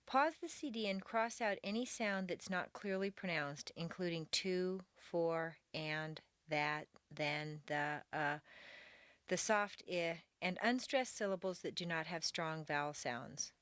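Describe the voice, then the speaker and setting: A woman teaching a recorded pronunciation lesson, reading example sentences slowly and deliberately with exaggerated intonation for learners to repeat. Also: on the low side, a bit bright, smooth, dry recording. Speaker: accent training instructor.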